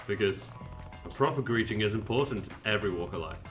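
A man voicing a stiff, gloomy male yakuza in a game, reading the lines in a flat, deadpan way. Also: fairly low pitch, fast, soft background music, pitched below the performer's own voice. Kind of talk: reading game dialogue aloud in character.

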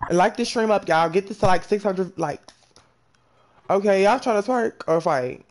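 A man hosting a casual gaming stream, loud and playful with constant trash talk. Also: high-pitched, lively intonation, normal speed, background noise.

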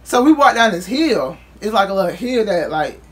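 A man's voice: high voice, sing-song, moderate pace, breathy edge. A man vlogger telling a casual storytime in loose, profane street talk, acting out what others said.

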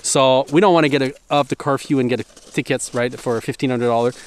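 Playful family dad. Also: male voice, mid-range voice, steady tone, fairly quick, clean tone. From Québec, Canada. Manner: playful, teasing, laughs often. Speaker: family vlogger. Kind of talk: casual family vlog chat. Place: snowy forest trail outdoors.

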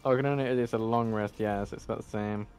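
A man's voice: on the low side, fairly even intonation, fast, a little mellow, clear, resonant tone, faint music behind. A man commenting on his own gameplay, blunt and sweary, getting annoyed and then laughing it off. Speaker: gameplay streamer. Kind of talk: casual swearing game commentary.

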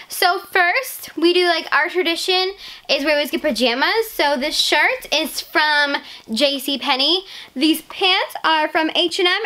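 A teenage girl vlogger with a bright, high voice talks directly to her camera in a casual vlog. She gushes excitedly, her enthusiasm spilling over as she strings everything together with lots of "like" and "legit."

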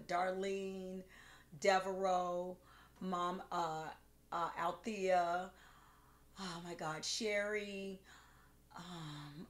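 A woman hosting a cooking livestream, chatting casually, with gushing, rambling thanks full of fillers, emotional and close to tears. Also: on the low side. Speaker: cooking show host. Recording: roomy echo with faint music.

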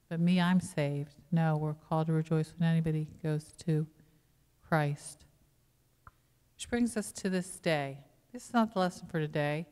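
In a reverberant church sanctuary, a woman pastor preaches a sermon conversationally, putting rhetorical questions to the congregation. Her low voice moves at normal speed and sounds smooth and a little mellow.

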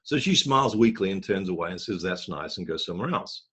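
Guy giving a marketing webinar over a call, lowish raspy voice, acts out little dialogues. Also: quick pace. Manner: animated storytelling, acting out dialogue; frequent throat clearing. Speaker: webinar presenter.

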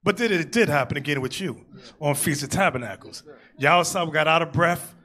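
A man preaching a sermon as bishop, telling stories with jokes and loud shouted asides. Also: on the high side, a little fast. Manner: animated, joking storytelling with shouted asides.

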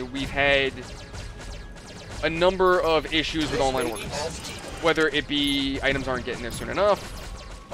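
A man hosting a gaming video, chatting casually and swearing freely as he tells a story and acts out the customers. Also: fairly high pitch. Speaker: gaming channel host. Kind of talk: casual story-telling over gameplay.

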